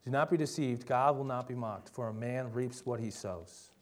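A man's voice: mid-range voice, moderate pace. Young man preaching an emphatic sermon. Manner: conversational and emphatic, with rhetorical questions.

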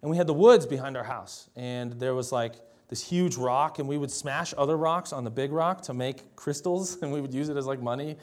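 A young man from Minnesota giving a sermon, telling a childhood story in a relaxed, conversational way and often asking "right?". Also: mid-range voice, normal speed, hardly any pauses. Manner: conversational storytelling, tag questions and laughter. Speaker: pastor.

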